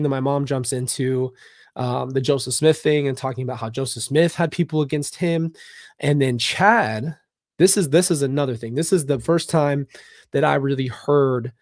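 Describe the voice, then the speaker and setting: A man's voice: mid-range voice, a little mellow, no room sound. Frustrated man talking bluntly, dry sound. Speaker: channel host. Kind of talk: casual commentary vlog.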